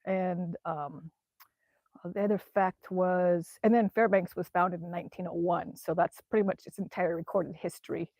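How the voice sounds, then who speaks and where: A woman's voice: fairly low pitch, steady tone, moderate pace, a little mellow, no room sound. A woman chatting casually on a live stream outdoors in winter, rambling with many ums as she reads the chat. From Alaska. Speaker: vlogger reading live chat. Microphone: phone camera.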